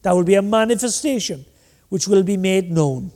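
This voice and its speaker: A man's voice: high-pitched, animated, normal speed, a little mellow. A man preaching a sermon, emphatic and rhetorical. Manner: emphatic, rhetorical, acts out little voices. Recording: hall reverb.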